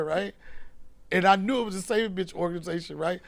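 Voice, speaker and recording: A man with a slightly high, gravelly voice tells comic stories on his podcast. He is animated, going loud and then hushed as he acts out the scene, all in loose casual chat. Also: moderate pace. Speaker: comedian host telling stories.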